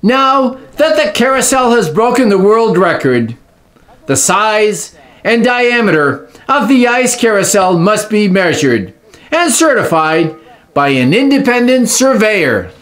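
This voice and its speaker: Slow, high, lively male narrator. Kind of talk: news-style narration.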